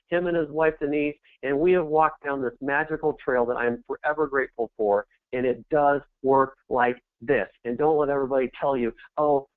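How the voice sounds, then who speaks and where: Energetic male presenter, tinny phone-like sound. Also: on the high side, no room sound. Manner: energetic, pep-talk delivery that climbs to shouting peaks. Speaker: network marketing presenter. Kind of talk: motivational sales presentation.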